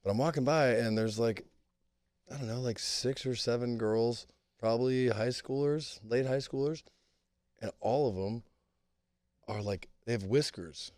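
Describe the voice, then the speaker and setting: A man, a guest on a casual podcast, telling a rambling story in an animated way. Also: medium pitch, a little slow, dry recording, clean studio sound.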